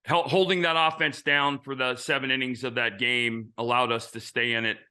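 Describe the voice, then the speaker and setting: Man, middle-aged, bright tense voice, casual storytelling, rambling with restarts. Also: mid-range voice, fairly even intonation, normal speed, clean tone. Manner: rambling, many fillers and restarts, acts out quoted dialogue. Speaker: former baseball pitcher telling stories.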